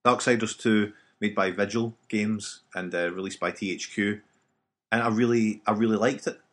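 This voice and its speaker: A man talks casually on a podcast in a slightly low voice. He rambles, circling back with fillers and restarts as he goes. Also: steady tone, moderate pace, fairly bright tone. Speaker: podcast co-host. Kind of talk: casual chat about video games.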